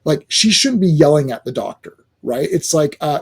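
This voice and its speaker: Exasperated male reviewer, rambling and casual, a touch high-pitched. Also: lively intonation, moderate pace, creaky, husky. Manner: rambling, exasperated, many fillers and restarts. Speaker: video reviewer.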